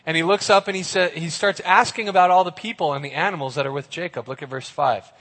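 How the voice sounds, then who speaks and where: A man preaching a lively youth sermon, joking and getting the audience to join in. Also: fairly high pitch, fast talker, long reverb tail. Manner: animated, jokey, gets the audience involved.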